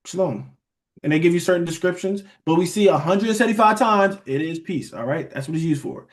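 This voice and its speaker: A man leads a relaxed Bible lesson online. His voice sits a bit high for a man, and his phrasing is loose and full of restarts. He keeps pausing to check that his listeners are following. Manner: conversational, keeps checking in with listeners with "all right?" and "beloved". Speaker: Bible study teacher. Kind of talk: casual online Bible teaching.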